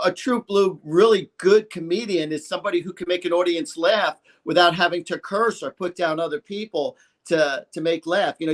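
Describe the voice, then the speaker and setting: A man in his fifties, a psychic guest on a talk show, talking in an emphatic, rambling way and acting out quotes. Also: sits high. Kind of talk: animated talk show chat.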